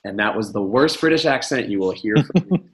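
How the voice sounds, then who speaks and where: A man's voice: fairly low pitch, expressive, fairly quick, heavy background noise. Playful, upbeat male podcast host. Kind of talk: casual chat.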